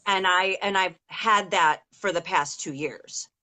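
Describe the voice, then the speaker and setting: Middle-aged woman, lower register, chatty and emotional, loose and full of fillers. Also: a little slow, bright, forceful tone. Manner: rambling, emotional storytelling with many fillers. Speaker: interviewer, mother of an injured daughter. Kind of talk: casual video-call interview.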